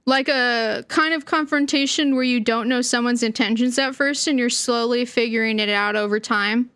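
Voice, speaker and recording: A woman's voice: on the high side, steady tone, normal speed, a bit bright, clean tone, dry recording. A young woman streamer chatting casually, giggling often and trailing off mid-sentence. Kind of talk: casual livestream chat.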